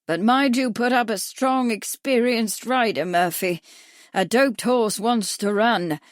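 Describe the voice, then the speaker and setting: A loud, sharp old doctor who is hard of hearing, barking his words and scolding, put on by a woman narrating an audiobook. The voice is pitched up and pushed hard, with a dry, close sound. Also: unhurried, no echo, lightly acted. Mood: gossiping. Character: deaf, gruff elderly male racing doctor.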